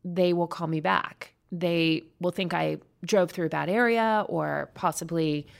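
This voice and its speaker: A woman's voice: on the low side, steady tone, measured pace, creaky. A middle-aged woman, an interview guest, earnestly retelling a personal ordeal and acting out the voices she heard. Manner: earnest, vivid, acts out quoted voices.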